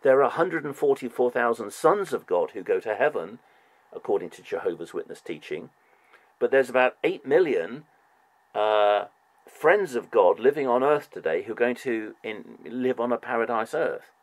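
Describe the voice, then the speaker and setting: A man hosting a heated religious debate, insistent and animated, repeatedly pressing for proof and mocking long-winded answers. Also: mid-range voice, normal speed, no echo. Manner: mocking repetition. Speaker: show host debating a Jehovah's Witness by phone.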